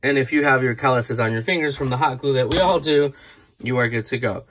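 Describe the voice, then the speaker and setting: A man's voice: mid-range voice, a little fast, a bit bright, slight background noise. A man hosting a casual craft tutorial, chatty and rambling, correcting himself as he demonstrates. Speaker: craft channel host.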